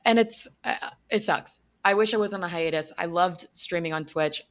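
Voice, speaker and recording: Woman guest, lowish voice, chatty and upbeat, casual podcast talk. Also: normal speed. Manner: chatty, upbeat, many fillers. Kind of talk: casual chat.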